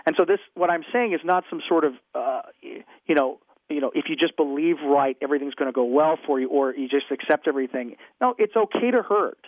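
A man's voice: a little high, animated, a little fast, no room sound. Earnest pastor guy on a radio show, keeps repeating stuff for emphasis, thin phone-line audio. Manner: earnest, preacherly, emphatic repetition with restarts. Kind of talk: radio talk show conversation.

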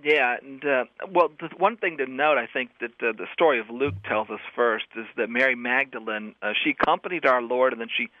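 A man's voice: medium pitch, brisk, hardly any pauses, no room sound. A male guest scholar on a radio call-in show, talking thoughtfully with frequent restarts and fillers. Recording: tinny phone line, dry.

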